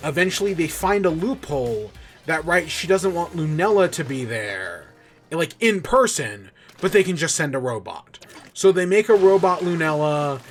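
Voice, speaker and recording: Excitable rambling male podcast host. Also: fairly high pitch, normal speed. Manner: excited, rambling, swears freely. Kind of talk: casual podcast review.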